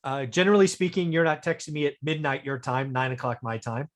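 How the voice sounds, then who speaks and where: A fast-talking man with a mid-range voice hosts a casual podcast, chatting and joking as he tells investing stories. He comes from Fresno, California, and has the easy manner of a conversational storyteller.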